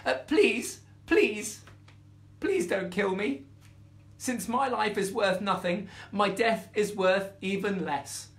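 A man voicing a tiny, terrified male mouse in a bedtime story, squeaky, tearful and stammering. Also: fairly even intonation, unhurried, few pauses, fairly bright tone. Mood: desperate. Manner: stammering, begging.

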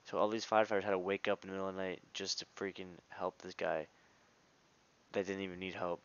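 A man's voice: deep voice, level tone, quick pace, muffled recording. A young man telling a casual story on his vlog, rambling and slangy, with lots of "like" and restarts. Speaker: vlogger.

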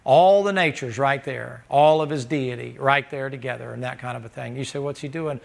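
Folksy preacher with gravelly voice. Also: male voice, medium pitch, normal speed. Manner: folksy, joking, rising to loud laughing bursts. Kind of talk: sermon.

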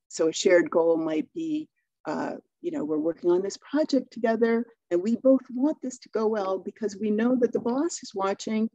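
A middle-aged woman from Maine gives a talk, telling stories casually and acting out dialogue. Her voice is mellow and warm. The sound is dry and a little dull. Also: fairly low pitch, dry recording. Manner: chatty storytelling, acting out dialogue. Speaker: speaker. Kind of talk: webinar talk.

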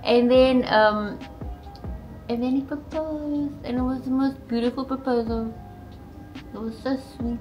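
A South African woman, co-host and partner of the channel host, chats casually and freely, sprinkling in lots of "like" and "you know" and laughing often. Her fairly high voice has its highs cut off, and music plays underneath.

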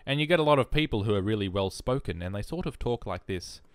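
A man's voice: lowish voice, animated, fast talker, clear, resonant tone, no echo, clean studio sound. A man with an Australian accent rambling in casual, jokey, self-mocking commentary over a video game. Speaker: gaming YouTuber. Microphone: headphones and desk mic.

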